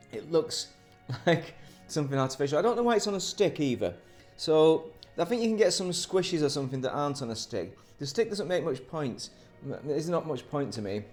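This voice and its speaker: A man's voice: medium pitch, darkish tone. Dry-witted man reviewing sweets. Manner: dry, sardonic asides; rambling, self-interrupting. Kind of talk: casual review vlog.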